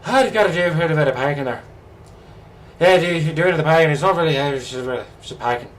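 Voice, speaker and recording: A man doing a loud mumbling movie tough. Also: on the high side, fast, slight background noise, pitched above the performer's own voice, natural voice. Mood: rowdy. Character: rough, mumbling gangster-film tough man.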